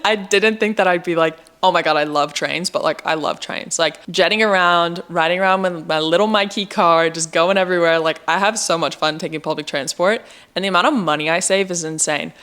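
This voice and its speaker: A young woman with an American accent talks to camera in a relaxed, candid vlog. Her voice sits a little low for a woman, and she is chatty and upbeat, dropping "like" all through her sentences. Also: brisk. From United States. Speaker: vlogger. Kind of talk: casual vlog talk.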